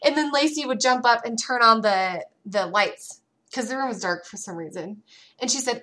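Bright-voiced mom telling stories. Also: female voice, fairly high pitch, moderate pace. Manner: animated storyteller, acts out her kids' voices. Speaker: podcast co-host. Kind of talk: casual chat.

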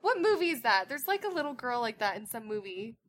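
Woman, high voice, bright and forceful, loud, animated, casual chat. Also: fast. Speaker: parent and co-host.

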